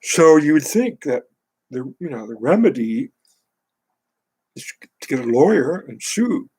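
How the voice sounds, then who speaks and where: A man's voice: on the high side, very animated, measured pace, darkish tone, husky, low-quality recording. A man reading a book aloud, then breaking off into sarcastic, indignant commentary.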